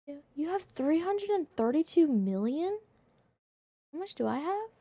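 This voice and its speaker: Excitable young woman streamer, high voice. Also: a little slow, no room sound. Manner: excitable, playfully indignant, jumps to squeals. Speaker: live streamer. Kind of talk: casual live-stream chat with viewers.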